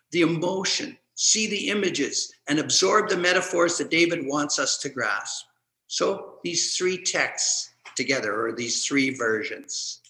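A man preaching a sermon, reading scripture aloud in a measured, deliberate way with dramatic swings between loud and hushed. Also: fairly high pitch, echoey room, poor audio. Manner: slow, measured delivery with dramatic shifts in loudness.

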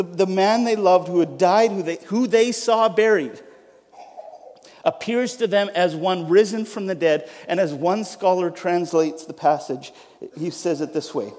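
A man preaching an Easter sermon, reading scripture and then talking in a lively, joking way with frequent restarts. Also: high voice. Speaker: pastor. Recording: long hall reverb.

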